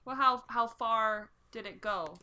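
Young woman game master, bright and a touch high, easygoing, hesitant with fillers. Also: unhurried, clear, resonant tone. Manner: easygoing, hesitant with ums and likes. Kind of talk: narrating a tabletop game.

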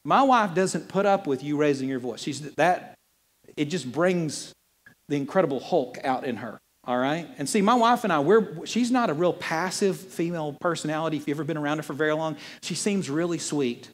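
A male pastor preaching a sermon in a church in an animated, conversational way with playful asides. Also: a little high, moderate pace, long reverb tail.

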